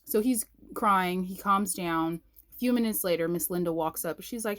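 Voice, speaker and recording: A woman telling a personal faith story to her viewers in a casual, animated way, acting out the quoted voices. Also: moderate pace. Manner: animated, acts out quoted voices with big pitch jumps; talks to viewers directly, uses "y'all". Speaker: vlogger sharing a faith story.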